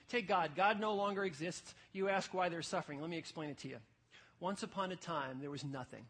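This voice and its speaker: A man preaching a sermon at a church service, passionate and emphatic, dropping to quiet stretches between forceful points. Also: high-pitched, slightly rough. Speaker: pastor.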